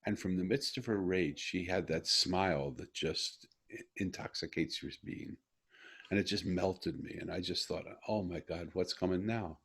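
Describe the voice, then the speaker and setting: Low husky middle-aged man, earnest storyteller in conversation. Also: moderate pace. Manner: earnest, animated when retelling. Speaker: guest.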